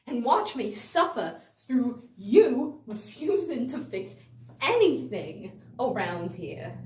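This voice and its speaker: A woman's voice: high voice, a little mellow, heavily acted. A woman playing a desperate, overworked woman who rants, swears and repeats herself. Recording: roomy echo from a distant mic.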